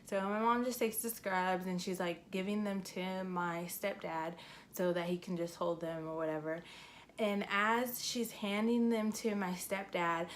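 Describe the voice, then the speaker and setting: A woman's voice: medium pitch, steady tone, unhurried, a little hiss or hum. A young woman in her twenties, vlogging a casual story time, chatty and full of fillers, emotional as she retells it.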